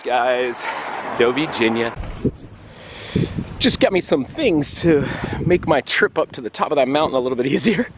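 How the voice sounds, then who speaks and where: A man in his forties from the United States, chatting casually and excitably as he walks and vlogs outdoors, out of breath on a climb. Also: fairly high pitch. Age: 40s. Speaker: travel vlogger. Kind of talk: casual walking vlog. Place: outdoors in a windy town and hillside. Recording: wind noise on outdoor mic.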